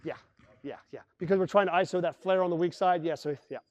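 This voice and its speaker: Recorded with no echo and a dull tone, a man with a high-pitched voice talks quickly as he coaches basketball in an indoor gym. He energetically explains plays, shouts out actions and mimics his players.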